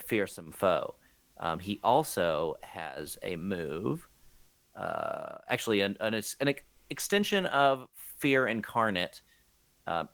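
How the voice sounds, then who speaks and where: A young man running a tabletop game as game master, lively and laughing often with geeky enthusiasm. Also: fairly low pitch, no room sound.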